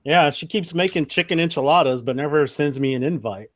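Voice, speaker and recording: A man in his forties with a slightly higher voice hosts a casual online hangout. He jokes and laughs often, keeping the chat upbeat. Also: fairly quick. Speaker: stream host.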